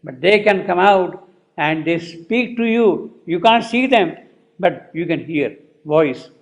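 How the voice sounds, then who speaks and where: Slow, unhurried man explaining a poem. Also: high-pitched, expressive, poor audio. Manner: repeats lines, explains word by word. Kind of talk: slow lecture with poetry recitation.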